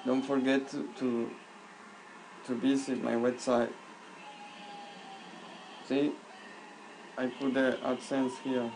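Gravelly man walking through a tutorial. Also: mid-range voice, little pitch movement, a little mellow, rough recording. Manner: halting, repeats words, simple direct instructions. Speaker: YouTuber giving a tutorial. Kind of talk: casual screen-recorded walkthrough. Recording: faint background noise.

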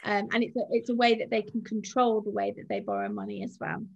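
A woman, a financial adviser, explaining money topics in a steady, conversational way with some fillers. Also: medium pitch, fast, vocal fry, husky, lo-fi sound. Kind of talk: presenting a finance talk.

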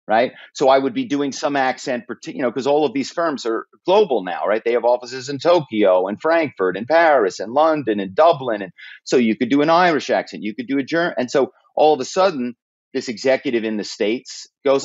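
A man speaking as a podcast guest, telling stories in an animated way and slipping into impersonations. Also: mid-range voice, normal speed, no echo, highs cut off. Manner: animated storyteller who slips into impersonations. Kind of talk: interview conversation.

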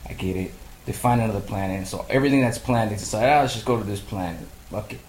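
A man's voice: lowish voice, quick pace, echoey room, a little hiss or hum, low-quality recording. A man casually ranting in a movie review, swearing freely and acting out his own reactions. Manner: profane, animated storytelling, mimics his own reactions. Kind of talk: casual rant.

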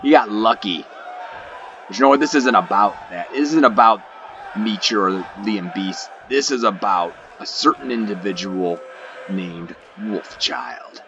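A man voicing a brash, boastful male wrestler who leads a heel club, taunting his rival with growled shouts. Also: fairly low pitch, measured pace, lo-fi sound, slight background noise. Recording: game crowd and music behind.

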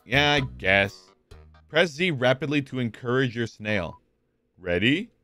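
A man streaming a video game, reading the on-screen text aloud and reacting with excitable, profane commentary. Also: medium pitch, a little slow, faint music behind. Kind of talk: casual gameplay commentary.

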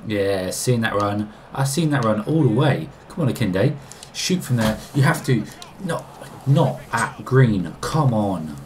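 A young man giving excitable, casual commentary while playing a football game, arguing back at the screen and laughing. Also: lowish voice, measured pace, hardly any pauses, a little hiss or hum. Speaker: gaming YouTuber.

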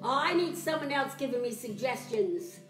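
A woman teaching children's music in a live-streamed sing-along, animated and chatty, greeting viewers by name. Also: on the high side, moderate pace, reverberant.

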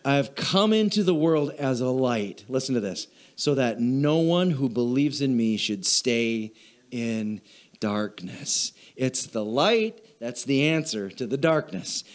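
A male pastor delivers a sermon in a church, hammering short phrases over and over in a steady preaching cadence. His voice sits at a middle pitch for a man. He calls out to the congregation for responses and grows emotional as he reads. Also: slow pace. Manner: emotional, chokes up while reading. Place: church sanctuary.

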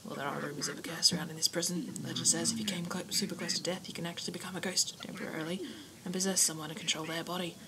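A woman voicing a shady prisoner in a game, speaking in a hushed, conspiratorial whisper with a put-on accent. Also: lowish voice, rapid-fire, few pauses, lightly acted. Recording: steady clicking noise behind.

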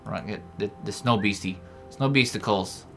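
A man hosting a let's-play, chatting casually over gameplay and swearing freely as he reacts with jokes and bursts of excitement. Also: lowish voice, normal speed, vocal fry, faint music behind. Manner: profane, excitable, joking.

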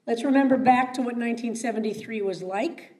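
A woman's voice: fairly high pitch, a little fast, darkish tone. A woman rabbi speaking as a guest at a meeting, earnest with wry asides. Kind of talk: public talk. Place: meeting room.

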